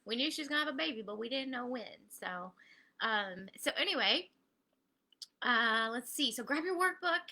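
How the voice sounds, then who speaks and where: Woman hosting a live coaching stream, bright voice, chatty and upbeat, talks right to viewers. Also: a little high, expressive, moderate pace. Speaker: host of online training.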